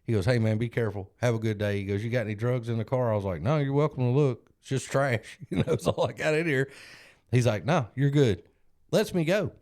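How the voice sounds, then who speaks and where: A man co-hosting a podcast tells a self-deprecating story casually, acting out other people's lines. His voice is medium-pitched and darkish, and he speaks briskly.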